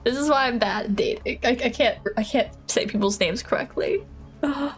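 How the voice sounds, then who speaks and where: A woman's voice: fairly high pitch, moderate pace, soft background music, poor audio. A woman streaming a dating game, chatting casually, playful and dramatically whiny, mocking herself. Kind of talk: casual live-stream gameplay commentary.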